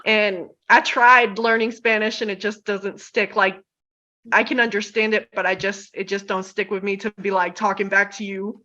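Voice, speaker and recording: A woman's voice: medium pitch, little pitch movement, normal speed, pushed and bright. A woman co-hosting a casual group chat, telling stories with laughs and easy swearing. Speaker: podcast co-host. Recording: dull lo-fi sound.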